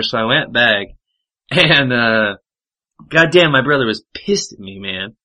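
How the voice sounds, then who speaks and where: A man's voice: medium pitch, expressive, measured pace, sharp tone, poor audio. A man telling rambling, profane anecdotes in casual chat, with lots of fillers and swearing. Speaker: podcast storyteller.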